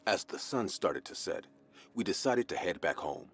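A man reading a scripted horror story in the first person, in an even storytelling delivery. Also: sits low, normal speed, slightly rough. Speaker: narrator.

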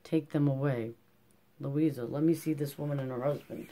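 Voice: medium pitch, steady tone, normal speed, mellow, natural voice. A reader voicing a cold, proud, wealthy businessman in an audiobook, formal and commanding. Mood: stern. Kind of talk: audiobook character reading.

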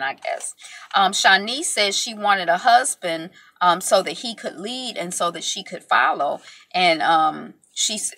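Chatty woman vlogger, casual recap delivery, bright tone with some fry. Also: lowish voice, no room sound. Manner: chatty, lots of ums and you-knows, playful sign-off.

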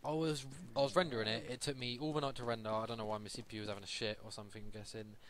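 A man casually commenting on his own gameplay, excitable and swearing freely as he calls out plays to his team. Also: mid-range voice, very fast. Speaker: gamer recording gameplay. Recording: noisy, keyboard and mouse clicks.

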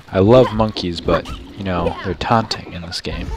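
A goofy man with a fairly low voice narrates his game playthrough in a loose, joking way. He keeps breaking into sudden high yelps of excitement. A faint hiss sits under the recording. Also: normal speed. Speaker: gamer. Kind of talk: casual let's play commentary.

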